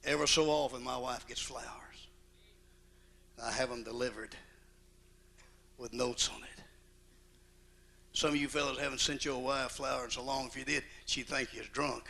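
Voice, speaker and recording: A male pastor preaching a sermon in a folksy, emphatic way, swinging from quiet asides to loud outbursts. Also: medium pitch, fairly even intonation, moderate pace, creaky, pauses often, slight background noise. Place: church auditorium.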